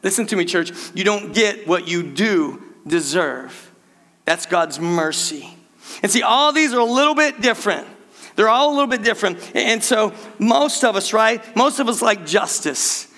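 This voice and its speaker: An older man preaching a sermon to his church in a playful, conversational way with quick asides. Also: high-pitched, lively intonation, bright, forceful tone, in a large hall. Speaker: pastor. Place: church sanctuary.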